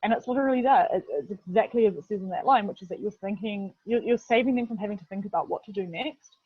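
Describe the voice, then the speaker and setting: Fast and slightly rough, a mid-range female voice with a New Zealand accent delivers a casual instructional webinar from a video production head. She's chatty, filler-prone, and fond of saying "literally." The lo-fi video-call recording comes across dry and dull.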